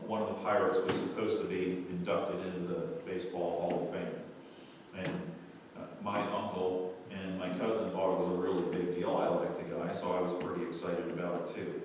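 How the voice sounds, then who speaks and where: A male pastor preaching a sermon in a church, shifting from quiet storytelling to loud, excited preaching. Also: sits low, very echoey, in a large hall, recorded from a distance, background noise. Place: church sanctuary.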